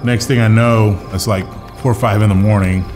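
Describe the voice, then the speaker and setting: A man's voice: fairly low pitch, steady tone, a little fast. A young man casually telling a personal story in a documentary, full of filler words and acted-out quotes. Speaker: interviewee telling his story. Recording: music playing underneath.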